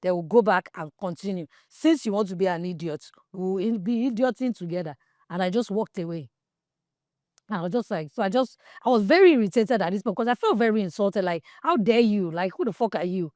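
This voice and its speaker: A woman's voice: mid-range voice, fairly quick, no room sound, studio quality. A Nigerian woman in her forties telling a candid personal story, switching into pidgin and acting out what people said. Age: 40s. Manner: animated, slips into pidgin and plays out quoted dialogue. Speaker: podcast host.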